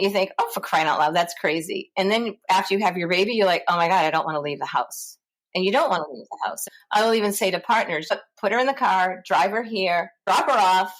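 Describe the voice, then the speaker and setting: A middle-aged woman, a guest in an interview, telling stories in a lively way and acting out the people she quotes. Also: fairly low pitch. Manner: animated, acts out quoted voices. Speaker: guest, founder of a parent support center. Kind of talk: conversational interview storytelling.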